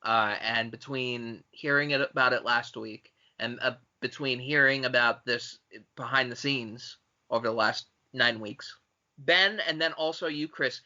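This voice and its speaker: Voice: mid-range voice, measured pace, bright, forceful tone. A podcast co-host in casual chat, teasing and incredulous, swearing now and then. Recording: dull lo-fi sound.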